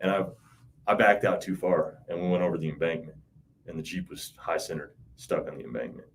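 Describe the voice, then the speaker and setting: A man's voice: low-pitched, a little fast, vocal fry, slight background noise. A man in his thirties in an interview, recounting events in a rambling, profane, casual way with frequent "you know". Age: 30s. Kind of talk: casual spoken recollection.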